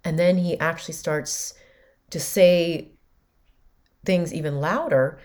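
A woman in her forties hosts a podcast and tells a personal family story. She speaks in a low voice, candid and emotional, and acts out what each person said. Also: moderate pace. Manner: candid, emotional retelling with quoted dialogue. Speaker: podcast host.

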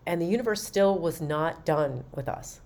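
A woman's voice: sits low, animated, normal speed, a little mellow. A woman hosting a podcast, animatedly telling a personal story and recounting conversations. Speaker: podcast host.

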